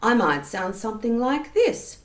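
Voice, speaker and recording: A woman's voice: on the high side, sing-song, a little slow, echoey room. A woman giving an online singing lesson, explaining technique and stopping to sing short demonstration phrases. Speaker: singing teacher.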